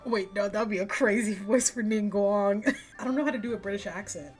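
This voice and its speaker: A woman's voice: medium pitch, a little fast, soft background music. A young woman in her twenties giving casual gameplay commentary with giggly, self-mocking asides, on a desk mic. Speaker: gaming streamer.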